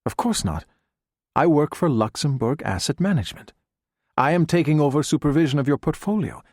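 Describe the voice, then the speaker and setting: A man voicing a calm young male agent who speaks in American English, quiet, firm and smoothly persuasive. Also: a little high, dry recording, studio quality, pitched above the performer's own voice.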